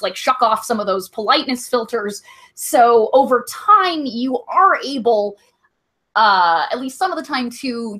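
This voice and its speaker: A young woman co-hosts a nerdy comedy podcast and tells a story in loose, casual chat. She rambles, filling her talk with likes and ums. Her voice is bright and set a little high.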